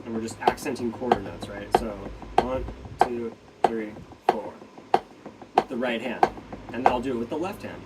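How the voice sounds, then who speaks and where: Quick and medium-pitched, this man teaches drums casually, counting out beats as he plays a practice pad. He explains loosely, filling in with lots of "right?" and other fillers, recorded on a distant mic with loud pad noise.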